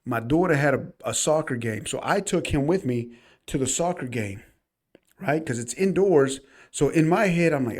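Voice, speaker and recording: A man's voice: on the high side, animated, moderate pace. A man co-hosting a podcast, telling a personal story in casual chat, earnest and emphatic, often calling the listeners y'all. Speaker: podcast co-host.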